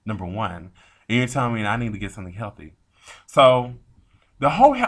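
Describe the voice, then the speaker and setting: A man tells a rambling story straight to the camera, animated and quick to swear. His voice sits a little low yet sounds bright and forceful. He acts out both sides of each exchange as he goes. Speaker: vlogger. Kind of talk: casual storytime rant.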